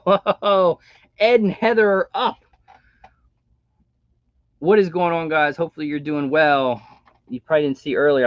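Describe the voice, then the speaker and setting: A man hosting a casual live stream, chatting in a relaxed, rambling way. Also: a little high, no room sound. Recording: dull dry home mic sound.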